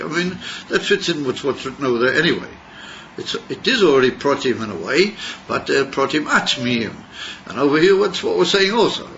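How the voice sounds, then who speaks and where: A man explains religious texts to a class in a halting way, often repeating himself. His voice sits at a middle pitch. The class recording sounds muffled, with faint background noise. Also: big pitch swings, gravelly, a bit bright. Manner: halting, repeats words, mixes Hebrew terms. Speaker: teacher. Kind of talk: Chassidus class.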